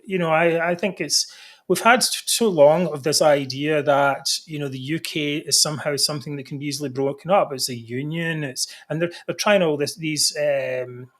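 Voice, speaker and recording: A man's voice: on the high side, fairly bright tone. A man hosting a political discussion show over a livestream, talking in fits and starts with many restarts and fillers. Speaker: host. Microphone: livestream video call.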